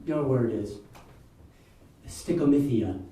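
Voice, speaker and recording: A man playing a deadpan, formal spelling bee pronouncer in a live sketch on a theater stage. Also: medium pitch, slight background noise. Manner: deadpan, formal reading, breaks into goofy voices. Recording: very echoey hall, from far off.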